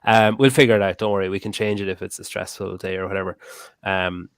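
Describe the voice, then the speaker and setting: A man's voice: sits low, flat delivery, fast talker, clean tone, dry recording, studio quality. A man hosting a podcast in casual chat, blunt and rambling, swearing freely. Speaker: podcast host.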